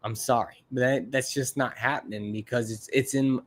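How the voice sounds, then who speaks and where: A man's voice: medium pitch, fairly even intonation, normal speed, hardly any pauses. A man hosting a livestream, chatting casually with viewers in a rambling, blunt, profane way and often repeating himself. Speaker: livestream host. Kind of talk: casual chat to live viewers.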